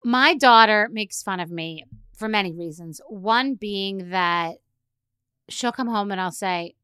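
A middle-aged woman telling a casual story in a chatty, animated way, loudly acting out the lines she quotes. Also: medium pitch, slow, clean tone, no echo.

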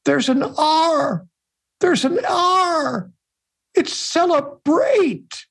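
An older man voicing a weeping old male Pope in a high, drawn-out wail. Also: gravelly, a bit bright, exaggerated voice. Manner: high wailing falsetto, drawn-out sobs.

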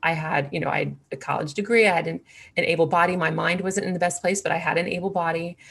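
A woman's voice: lowish voice, steady tone, fast, vocal fry, a bit bright, slightly rough. A woman in her forties, an interview guest, telling a personal story in a candid, earnest way with many fillers and restarts.

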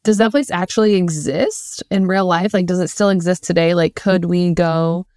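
A woman's voice: fairly low pitch, normal speed, darkish tone, clean tone, dry recording, clean studio sound. A woman co-hosting a casual podcast, joking in a playful way and often repeating her words as she starts. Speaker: podcast co-host.

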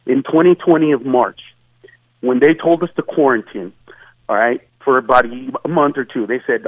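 A man's voice: medium pitch, moderate pace, no room sound. A man, a comedian guest, telling jokes in an emphatic, stammering way, acting out voices, heard over a tinny phone line. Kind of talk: animated comedic storytelling.

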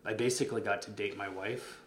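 A man's voice: lowish voice, steady tone, brisk, reverberant, slight background noise. A middle-aged man candidly telling a personal story as a podcast guest, earnest and openly emotional, with frequent ums.

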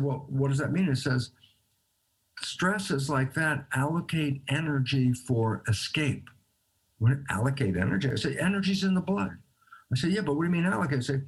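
A man's voice: mid-range voice, slightly rough. A man, a guest scientist in a conversational interview, explaining by acting out both sides of a dialogue and chuckling between phrases.

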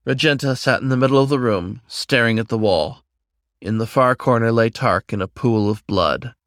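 A man reading a fantasy story aloud as its narrator in a steady storyteller's manner. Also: medium pitch, moderate pace, no room sound, studio quality. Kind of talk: scripted narration.

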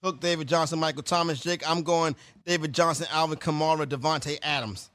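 A man hosting a fantasy football call-in show, quick and upbeat, steering the panel. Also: a little high, steady tone, a bit bright, no room sound, clean studio sound. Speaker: radio show host.

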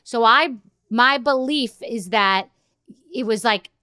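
A woman's voice: on the high side, slow pace, bright, forceful tone, no room sound, studio quality. A middle-aged woman hosting a podcast, chatting casually and rambling through a story, acting out the things people said. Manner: rambling storyteller, acts out quotes. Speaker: podcast host. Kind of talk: casual chat.

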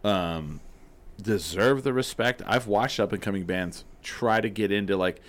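Man, low voice, podcast host, laid-back, rambling. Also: measured pace. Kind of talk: casual chat.

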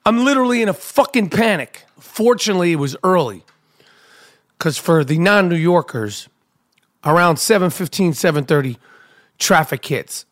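Middle-aged guy with a high voice, cursing nonstop, telling a panicky running-late story and yelling out his own lines. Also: expressive, normal speed. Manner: profane, frantic, acts out his own panicked shouts. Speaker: radio show regular telling a story. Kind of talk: animated storytelling rant. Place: New York.

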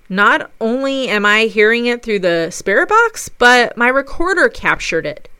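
A woman recounts a ghost investigation as a paranormal investigator, telling it with eager enthusiasm. Her voice is bright and smooth, and it sits close and dry with no room around it. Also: on the high side, no room sound. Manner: enthusiastic storytelling. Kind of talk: narrated recap of a ghost investigation.

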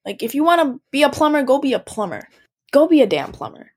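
A woman's voice: sits high, big pitch swings, quick pace. Frank, emphatic teenage girl. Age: teens. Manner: frank, emphatic, filler-heavy. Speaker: interview guest. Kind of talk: casual interview talk.

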